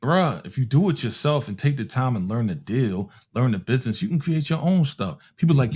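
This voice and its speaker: Animated storytelling man from Harlem. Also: medium pitch, fairly quick, hardly any pauses, breathy edge. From Harlem, New York. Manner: animated, acts out other people's voices with slang. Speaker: music producer telling a story. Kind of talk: casual storytelling.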